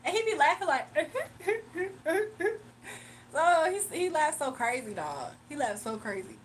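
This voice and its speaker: Here a young female livestream host chats casually with viewers, often laughing, using slang, and reading messages from chat aloud. She has a high, animated voice at a moderate pace, with slight noise in the background.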